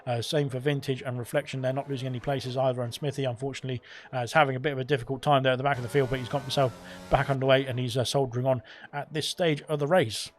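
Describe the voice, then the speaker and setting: Fast-talking male sim racing commentator. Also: medium pitch, steady tone. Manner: rambling, many fillers and self-corrections. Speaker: esports race commentator.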